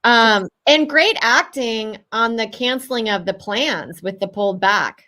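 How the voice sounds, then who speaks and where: Woman in her 40s cohosting, friendly upbeat chat, a bit high. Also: unhurried, pushed and bright. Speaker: film festival co-host. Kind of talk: casual chat.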